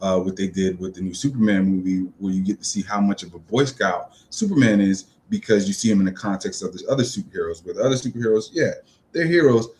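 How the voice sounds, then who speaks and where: A man's voice: sits low, fast, few pauses, darkish tone. A man from New City, talking through a movie review in a loose, chatty way full of ums and uhs. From New York City. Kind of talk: casual spoken film review.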